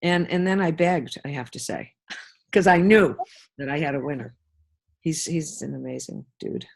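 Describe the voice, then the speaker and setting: A woman's voice: low voice, moderate pace, creaky, husky. Older woman telling heartfelt stories. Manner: warm storyteller acting out quoted voices. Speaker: guest. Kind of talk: interview conversation.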